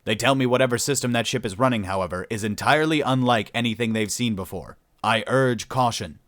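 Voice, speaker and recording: A man voicing a hot-tempered alien male starship commander who snarls orders and shouts in rage. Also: medium pitch, fairly quick, no echo, studio quality, natural voice. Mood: grave.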